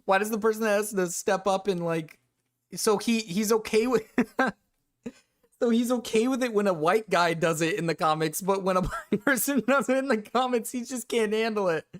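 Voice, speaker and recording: A man's voice: high voice, normal speed. A man streaming, giving casual reaction commentary, laughing often, swearing and repeating himself.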